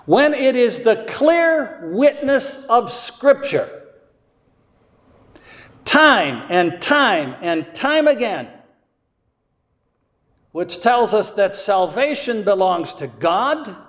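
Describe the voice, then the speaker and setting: High-voiced pastor giving a sermon, slow and deliberate, big echoey church. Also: male voice, very animated, fairly bright tone. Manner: slow and deliberate, with strong emphasis on key words.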